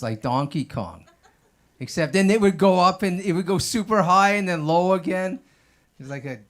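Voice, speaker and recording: A man on an open mic stage doing stand-up with a somewhat high voice. He rambles loosely through his bits, leaning on filler words like "like" and "man" as he goes. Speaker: stand-up comedian. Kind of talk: stand-up comedy set.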